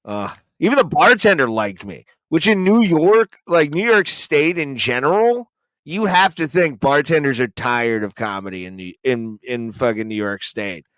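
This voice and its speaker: Smooth-voiced profane comic man. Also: mid-range voice, animated, moderate pace, a bit bright, dry recording. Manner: profane, storytelling, acts out quotes in silly voices. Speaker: podcast co-host and stand-up comic. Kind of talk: casual chat.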